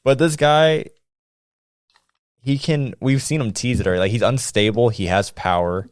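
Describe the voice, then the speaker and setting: A man co-hosting a casual podcast, animated and joking as he thinks aloud. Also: medium pitch, normal speed, smooth, no room sound, studio quality. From United States. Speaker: podcast co-host. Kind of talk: casual chat.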